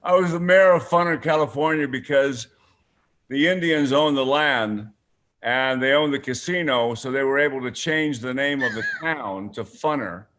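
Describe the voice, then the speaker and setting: An older man, a radio guest, telling stories in casual chat, animated and laughing often as he acts out the people in them. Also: medium pitch, moderate pace. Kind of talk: casual storytelling on a radio show.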